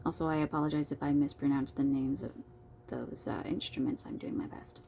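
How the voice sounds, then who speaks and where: A woman's voice: a bass voice, fairly even intonation, brisk, vocal fry, warm tone, slightly rough. A young adult woman reading a nonfiction book aloud, breaking off for playful, self-deprecating comments. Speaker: book reader.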